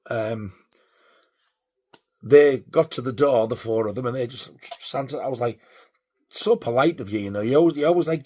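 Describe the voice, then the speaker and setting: A man telling a sweary, animated story in a casual vlog. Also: medium pitch, husky. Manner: sweary, animated when riled. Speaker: vlogger.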